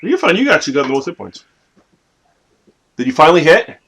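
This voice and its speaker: A man narrates as game master for a family tabletop game, his voice sitting on the higher side for a man. He keeps the telling playful and lively, with sudden loud bursts at dramatic moments. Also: a little fast, slightly rough.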